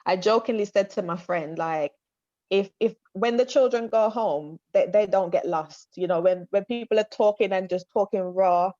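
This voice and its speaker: A woman from Montserrat hosting an online panel discussion, speaking in a measured, agreeable way. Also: mid-range voice, dark tone, no echo. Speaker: panel host. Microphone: video call. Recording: dull lo-fi video call audio.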